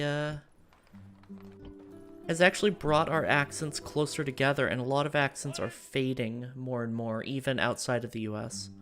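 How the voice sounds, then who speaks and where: Woman, General American accent, casual stream chat, thoughtful, digressive, quiet music in the background. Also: deep voice. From United States. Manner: thoughtful and digressive, thinking aloud. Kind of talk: casual chat while streaming a strategy game.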